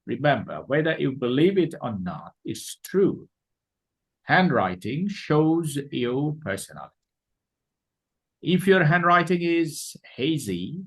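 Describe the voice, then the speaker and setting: A man lecturing a class on presenting, speaking very slowly and deliberately. His voice is a little husky, and he hammers points home by saying them again in new words. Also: medium pitch. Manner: deliberate, repeats points for emphasis.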